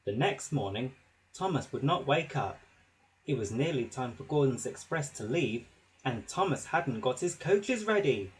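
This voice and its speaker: A man narrating a children's story with a slow, expressive reading. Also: medium pitch, rough recording.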